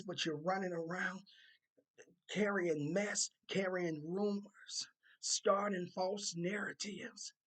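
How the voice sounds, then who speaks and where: A husky, slightly breathy voice, mid-pitched and unhurried, delivers a prophetic warning with stern repetition. Each line comes slowly and deliberately, hammering the same phrases again and again. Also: fairly bright tone. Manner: slow, repetitive, emphatic delivery relaying God's words. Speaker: content creator delivering a prophetic word.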